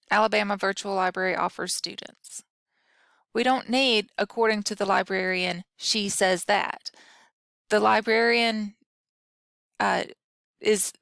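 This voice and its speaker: A woman's voice: on the high side, vocal fry, fairly bright tone, no room sound, clean studio sound. A woman instructor giving a recorded grammar lesson, explaining patiently and talking through example sentences aloud.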